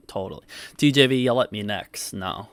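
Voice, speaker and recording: A man's voice: mid-range voice, expressive, a little slow, a bit bright, dry recording. Defensive, cussing male livestream host. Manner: defensive, swears often, reads chat aloud. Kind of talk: casual livestream commentary.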